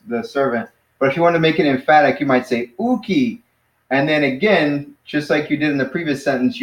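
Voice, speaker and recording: Easygoing man teaching in an echoey room. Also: mid-range voice. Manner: relaxed, encouraging, says "man" and laughs. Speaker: Greek teacher. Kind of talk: casual one-on-one language lesson.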